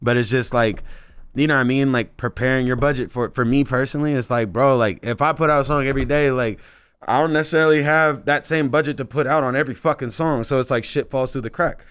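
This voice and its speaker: Laid-back swearing man, smooth voice. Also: medium pitch, fast talker, a bit bright, no room sound. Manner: laid-back, swears a lot, says "bro" often. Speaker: musician guest. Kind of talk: casual chat.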